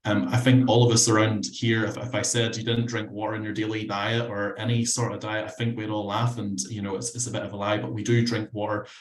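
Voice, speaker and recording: An Irish man chats over a video call, his low voice staying flat and even. He rambles a little and apologises, and the room around him rings with echo. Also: brisk, few pauses. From Ireland. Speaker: panel guest from a water utility. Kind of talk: online panel talk.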